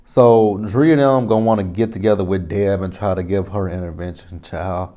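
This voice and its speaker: Man in his thirties, deep voice, casual rambling vlog talk. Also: steady tone, moderate pace, mellow. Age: 30s. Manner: rambling, self-correcting, retells conversations. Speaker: TV show reviewer. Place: home music studio.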